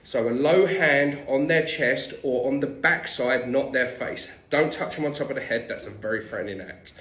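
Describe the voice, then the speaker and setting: A man's voice: mid-range voice, normal speed, a bit bright, echoey room, poor audio. A man working as a dog trainer, giving blunt, no-nonsense instructions with the odd swear word. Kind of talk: direct instructional tips.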